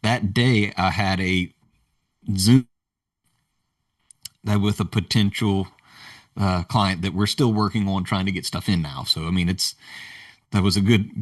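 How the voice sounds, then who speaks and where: A man who is a leadership coach, telling a personal story in a podcast interview in an earnest, halting way, often quoting others. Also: on the low side, dry recording, studio quality, recorded from a distance. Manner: earnest, halting retelling with quoted dialogue. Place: remote video call.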